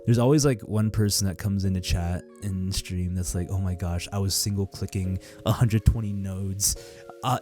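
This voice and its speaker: A young man with a fairly low voice talks casually over his gameplay, upbeat and chatty, peppering his sentences with "like" and little laughs. Faint music plays quietly underneath. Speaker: gaming YouTuber and streamer.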